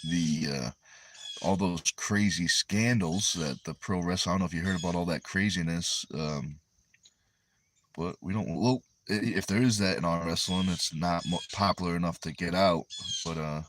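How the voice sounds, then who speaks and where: A man's voice: deep voice, normal speed, a little hiss or hum. A man from Connecticut with a New England accent, hosting a livestream and reading viewer comments aloud in an easygoing, rambling way. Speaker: arm wrestler and livestream host.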